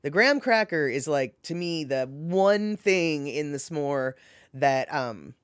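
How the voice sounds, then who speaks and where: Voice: mid-range voice, expressive, slow pace, clean tone, dry recording, studio quality. A live streamer in casual chat, rambling with many fillers and self-corrections while answering viewers by name.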